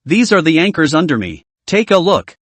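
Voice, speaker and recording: Man doing an excitable young alien helper. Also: a little high, moderate pace, no room sound. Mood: excited. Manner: excited, boastful. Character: eager young male alien assistant, excitable.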